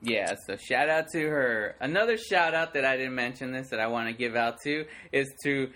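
A man in his thirties co-hosting a podcast in casual chat, laughing often and acting out others in high voices. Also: moderate pace, pushed and bright. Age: 30s. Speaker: podcast co-host.

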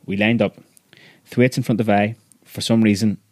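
A man's voice: fairly low pitch, steady tone, no room sound. Man reading a story aloud, dry. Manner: measured, vivid storytelling. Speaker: narrator.

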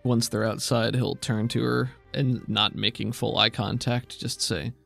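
A man's voice: mid-range voice, fairly even intonation, a little slow, vocal fry, few pauses, fairly bright tone, husky, faint music behind. Man wryly narrating his game moves. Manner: casual, wry narration of his own character. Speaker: player. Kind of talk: playing a tabletop game.

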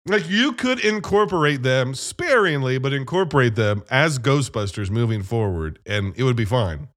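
A man chatting casually about a movie, animated and profane, retelling scenes as he goes. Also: mid-range voice, moderate pace. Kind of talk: casual movie review chat.

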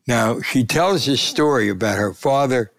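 An older man, a sportswriter, telling lively anecdotes in an interview and acting out the quotes. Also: mid-range voice, normal speed, gravelly, no room sound. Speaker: sportswriter and columnist. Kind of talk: storytelling in a conversational interview.

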